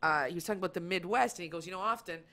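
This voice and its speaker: A woman comedian chats as a guest on a talk show, her voice bright and pitched on the low side for a woman. She tells stories in an animated way and acts out what other people said. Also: racing. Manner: animated storytelling, acts out quoted lines. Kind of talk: casual chat.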